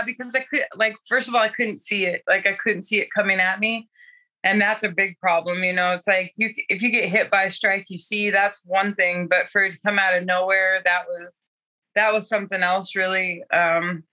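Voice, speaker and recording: A woman's voice: medium pitch, bright, forceful tone, rough recording. A young adult woman fighter telling her story candidly in a casual interview, laughing often and swearing freely. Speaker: guest fighter.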